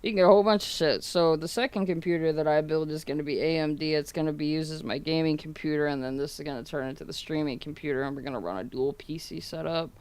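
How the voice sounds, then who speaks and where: A woman's voice: low-pitched, fairly even intonation, quick pace, few pauses, darkish tone, smooth, no room sound. A woman streamer telling a story in a loose, profane, rambling way, laughing as she goes. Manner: laughs through her telling. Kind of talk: casual storytelling to a stream audience.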